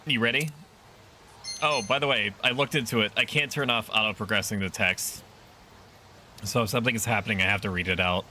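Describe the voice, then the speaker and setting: A man's voice: on the low side, fairly quick, pauses often, pushed and bright, slight background noise. A man casually commenting on a game stream, swearing freely and reading game text aloud in a jokey way.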